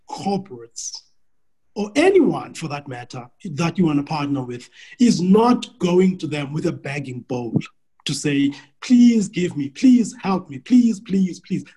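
Husky guy coaching a client, kinda high voice, animated, lots of restarts. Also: low-quality recording. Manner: lively, animated storytelling with restarts. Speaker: business coach. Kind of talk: coaching call answering a question.

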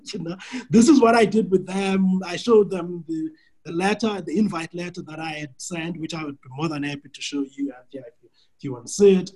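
A husky, slightly higher-voiced man coaches a client on a call. He talks in an animated, story-driven way and often restarts his sentences. His tone stays friendly and persuasive. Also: fairly quick, low-quality recording. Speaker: business coach. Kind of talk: coaching call answering a question.

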